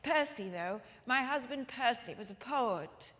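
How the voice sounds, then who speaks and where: A woman's voice: on the high side, lively intonation, measured pace, a bit bright. A woman storyteller playing the ghost of a 19th-century woman author, speaking theatrically to a live audience with lingering emphasis. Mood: wistful. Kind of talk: one-woman historical storytelling performance. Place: church sanctuary with live audience. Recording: long reverb of a large church hall.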